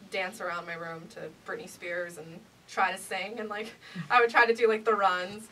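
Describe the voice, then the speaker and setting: A woman's voice: medium pitch, fairly even intonation, moderate pace, fairly bright tone, far from the mic, poor audio. A young woman singer-songwriter, a guest on a radio show, talking casually and giggling, with lots of "like" and "you know". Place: radio studio.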